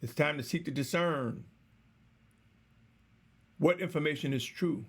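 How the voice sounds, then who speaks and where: A man delivering a slow, measured, exhorting sermon, repeatedly addressing his listeners as brothers and sisters. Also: fairly high pitch. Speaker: preacher.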